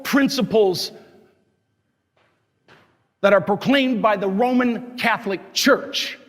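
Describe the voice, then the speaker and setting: High-voiced priest preaching with fiery indignation. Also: male voice, slow pace, a bit bright. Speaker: diocesan priest. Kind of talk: sermon. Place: church. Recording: long church reverb.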